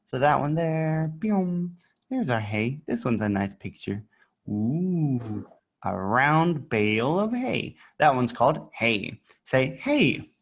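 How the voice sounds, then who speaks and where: A man leads an English lesson for a young learner, speaking slowly and patiently so every word can be repeated back. His pitch bounces around a lot, and he plays up the pictures with silly sound effects. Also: sing-song, vocal fry. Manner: playful, adds sound effects while showing pictures. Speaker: English teacher. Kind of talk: online English lesson for a child.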